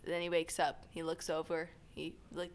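A woman's voice: sits low, flat delivery, normal speed, a little hiss or hum. A woman co-hosting a comedy podcast, giggly and teasing, reluctant to join bits. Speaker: podcast co-host. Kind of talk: improvised comedy chat.

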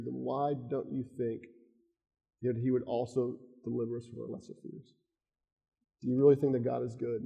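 Earnest Southern US preacher, echoey hall. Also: male voice, medium pitch, creaky, mellow, lo-fi sound. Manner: earnest, rambling with restarts. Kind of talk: sermon.

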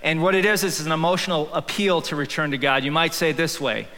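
Bright-voiced man preaching in a reverberant hall. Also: a little high, fast talker. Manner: humorous, conversational preaching with bursts of shouting. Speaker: pastor. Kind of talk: sermon. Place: church sanctuary. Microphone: handheld or headset microphone.

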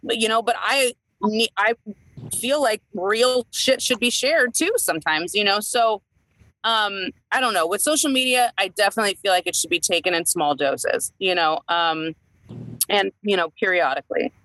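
A woman's voice: medium pitch, normal speed, bright, forceful tone, poor audio. A woman in her thirties, an entertainer co-hosting a casual chat, talking in a rambling way with many fillers and restarts. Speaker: podcast co-host, entertainer.

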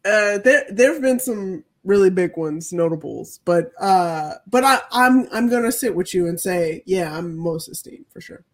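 A woman's voice: lowish voice, expressive, measured pace, hardly any pauses. A young woman co-hosting a casual podcast with playful, dry humor. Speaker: podcast co-host. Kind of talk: casual chat.

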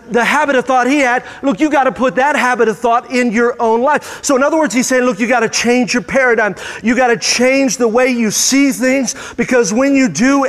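A man preaching a sermon as pastor, with rising, emphatic bursts. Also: extremely high pitch. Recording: hall reverb.

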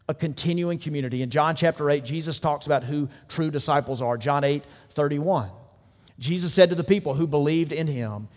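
A man preaching a sermon as pastor, building his points through rhythmic repetition and rising intensity. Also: mid-range voice. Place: church sanctuary. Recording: long reverb of a large hall.

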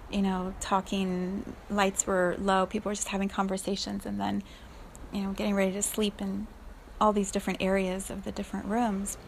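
A woman who works as an energy healer, telling a personal story in a chatty, animated monologue. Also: medium pitch, gravelly, slight background noise. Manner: chatty, animated, laughs often.

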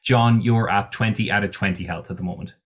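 A man's voice: lowish voice, fairly even intonation, a little fast, lo-fi sound. A man running a tabletop role-playing game as game master, narrating in a rambling way full of fillers and restarts. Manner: rambling, laughs often, many fillers.

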